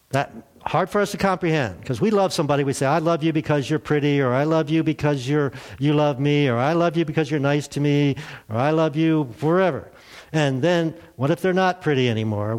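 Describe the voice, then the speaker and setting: A man preaching a sermon in a church, in a conversational way, asking rhetorical questions and telling light jokes. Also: on the high side. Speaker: pastor.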